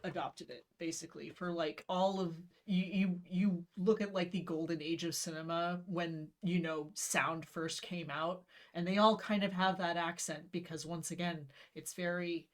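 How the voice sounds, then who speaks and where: A woman's voice: on the low side, steady tone, normal speed, hardly any pauses. A young woman co-hosting a casual chat, explaining things in rambling, restart-filled stretches and laughing often. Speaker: co-host.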